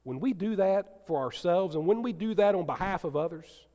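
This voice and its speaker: Male pastor, sermon, high lively voice, long church reverb. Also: moderate pace. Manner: animated preaching, drops to soft gentle tones for emphasis; asks the congregation questions and teases a listener. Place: church sanctuary.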